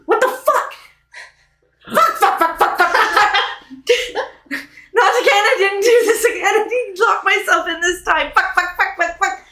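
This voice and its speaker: A woman voicing a flustered, foul-mouthed woman shopkeeper who swears in a high, strained voice. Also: measured pace, pauses often, pushed and bright, reverberant, exaggerated voice. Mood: panicked cursing. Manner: cursing, then sugary.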